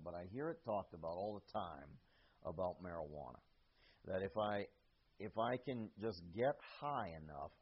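A man preaching a verse-by-verse sermon, slow and deliberate, often speaking the verses' author in first person. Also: fairly low pitch, husky, muffled recording.

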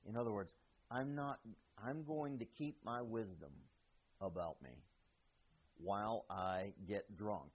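Slow, husky preacher, dull recording. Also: male voice, lowish voice. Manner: slow, deliberate, voices the speaker of the text in first person. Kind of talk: verse-by-verse sermon.

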